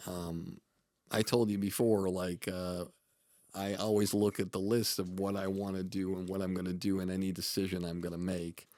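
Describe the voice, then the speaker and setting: Low, dry-voiced man telling stories. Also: level tone, darkish tone, no echo. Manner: earnest, reflective, halting with restarts. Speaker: comedy producer and manager, podcast guest. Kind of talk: storytelling in a podcast interview.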